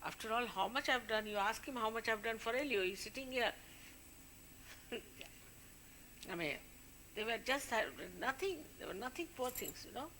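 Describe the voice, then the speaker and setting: A woman's voice: fairly high pitch, expressive, normal speed, long pauses, a bit bright, slight background noise. A woman, a spiritual leader, giving an informal talk to her followers, warning and scolding them in a conversational way.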